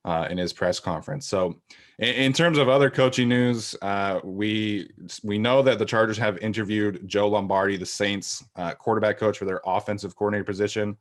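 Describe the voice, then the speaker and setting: A man co-hosting a sports podcast, talking casually and thoughtfully, often trailing off quietly at the ends of sentences. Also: on the low side, moderate pace. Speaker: podcast co-host.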